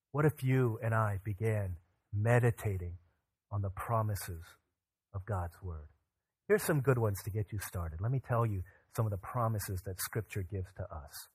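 A man's voice: medium pitch, no room sound. A man preaching a sermon as pastor, earnest, his voice rising and falling for emphasis.

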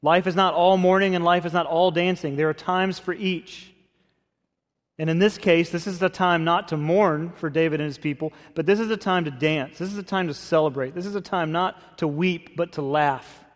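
A man pastor preaching a sermon in a conversational, expressive way. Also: on the high side, normal speed. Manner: conversational, expressive, acts out scripture quotes. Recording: long hall reverb.

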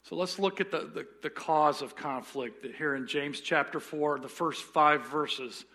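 A man's voice: a little high, measured pace, bright, forceful tone. A man preaching a sermon as pastor, often restarting words and telling folksy jokes.

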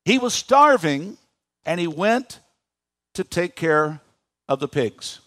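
Male pastor, fifties, lively sermon delivery, high voice, dry sound. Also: takes it slowly, no room sound. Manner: animated preacher who asks the congregation questions. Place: church.

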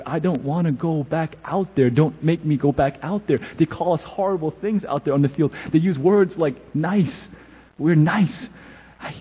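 A man voicing a despondent losing football player who whines and pleads in a husky voice. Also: fairly high pitch, long reverb tail, muffled recording, voice pushed up. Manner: whining, rising to loud pleading.

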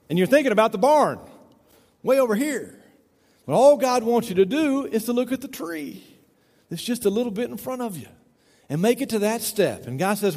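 A man's voice: sits high, big pitch swings, moderate pace, darkish tone, long reverb tail. A middle-aged man preaching a folksy, conversational sermon, often saying "you know," in a church. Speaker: pastor.

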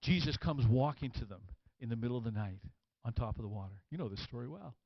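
Pastor guy preaching, goes quiet then loud, acts out the voices, dry kinda muffled sound. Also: mid-range voice, animated, fast talker, no room sound. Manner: swings from hushed to loud and emphatic; acts out quoted voices with dramatic emphasis. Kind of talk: sermon.

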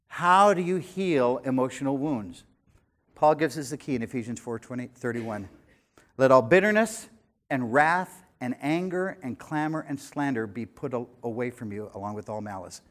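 An older man in his sixties preaching a sermon, animated, swinging between loud emphasis and quiet conversational asides. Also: mid-range voice, normal speed. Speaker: pastor.

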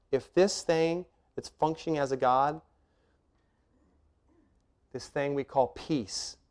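A man's voice: mid-range voice, a little mellow. A middle-aged man preaching a sermon as pastor, earnest and emphatic, asking rhetorical questions and laying out numbered points.

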